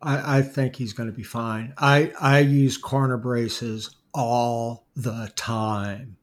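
淡々とした冗談を交える男性. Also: male voice, medium pitch, steady tone, slow pace. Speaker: podcast co-host, woodworker. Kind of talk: casual chat.

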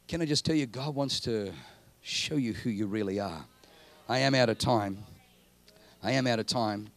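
A male preacher giving a sermon in an animated, comic storytelling manner. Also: lowish voice, moderate pace. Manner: animated, comic storytelling, jumping between voices.

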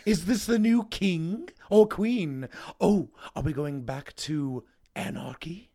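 A man's voice: a little high, slow pace, mellow. A man playing a pretentious, mock-aristocratic Oxford snob in a comedy podcast sketch. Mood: condescending. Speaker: podcast co-host.

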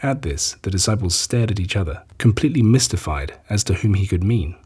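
A man reading a gospel chapter aloud in a measured, solemn narration. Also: fairly low pitch, expressive, a little mellow, slightly rough. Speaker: scripture reader. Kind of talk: scripted Bible reading.

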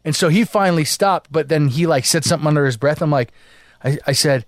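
Excitable, foul-mouthed man telling a story. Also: on the high side, fast, dry recording, clean studio sound. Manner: animated, profane storytelling with acted-out quotes. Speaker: podcast co-host. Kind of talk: casual storytelling chat.

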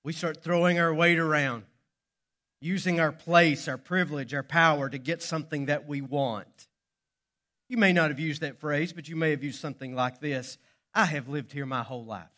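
A man's voice: on the high side, fairly even intonation, normal speed, sharp tone. A male pastor preaching a sermon, telling a story with dramatic pacing.

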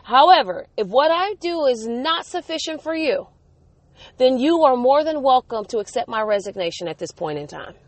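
A woman's voice: high voice, sing-song, normal speed, dry recording. A middle-aged woman talking casually, venting and retelling conversations in quotes. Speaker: mother vlogging about her day. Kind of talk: casual storytelling monologue.

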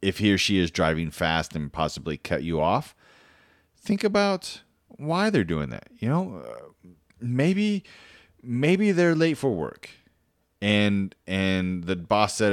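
A man's voice: fairly low pitch, huge pitch swings, slow pace, no room sound, studio quality. A man hosting his own podcast, telling a long story in a casual, rambling way with lots of fillers and restarts. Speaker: podcast host.

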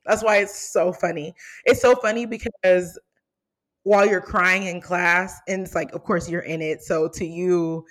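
Animated, laughing young woman podcast host. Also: fairly low pitch, a little slow. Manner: animated, laughs often, playful teasing. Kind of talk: casual chat.

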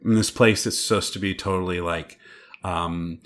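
A man's voice: low voice, steady tone, normal speed, fairly bright tone. A man co-hosting a podcast, chatting casually in a rambling, enthusiastic way with lots of fillers. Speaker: podcast co-host. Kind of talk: casual chat.

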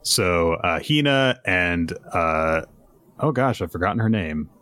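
A man co-hosting a podcast, chatting casually and recapping chapters, animated and acting out quoted lines. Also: low-pitched, slow pace. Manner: animated storyteller who acts out quotes. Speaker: podcast co-host.

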